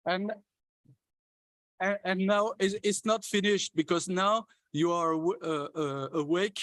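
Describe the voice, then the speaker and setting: A man giving closing remarks at a conference as its organizer, thanking everyone in a halting way with many hesitations and restarts. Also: high voice, a bit bright, dry recording. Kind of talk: closing speech thanking participants. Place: conference hall stage.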